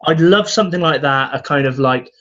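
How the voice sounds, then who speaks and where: A young man co-hosting a podcast, talking in a laid-back, halting way with dry humor. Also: a little high, fairly bright tone. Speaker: podcast co-host. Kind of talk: casual chat. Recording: slightly dull, muffled sound.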